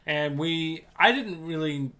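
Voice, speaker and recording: A man's voice: a little high, slow pace, crowd noise. A man in his thirties co-hosting a casual podcast. He rambles loosely and often restarts his sentences. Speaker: podcast co-host. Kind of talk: casual chat.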